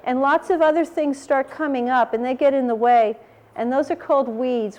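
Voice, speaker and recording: Woman storyteller, high pitched, animated read-aloud for children with questions. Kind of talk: reading a picture book aloud to children.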